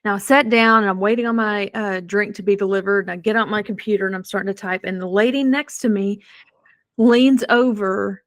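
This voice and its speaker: A middle-aged woman hosting a podcast, telling a personal story in a chatty, animated way with self-deprecating humor. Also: mid-range voice, a little fast, no room sound, studio quality. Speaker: podcast host. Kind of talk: casual storytelling.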